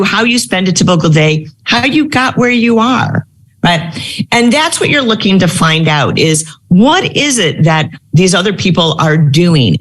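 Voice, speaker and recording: A woman in her fifties giving a career talk in a live question session, telling stories with lots of fillers and restarts. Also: medium pitch. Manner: storytelling, animated with many fillers. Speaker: career speaker.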